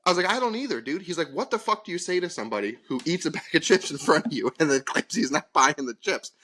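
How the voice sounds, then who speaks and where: A man's voice: on the high side, expressive, fast talker, sharp tone. Profane, exasperated man telling a story. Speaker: podcast co-host. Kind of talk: casual storytelling chat.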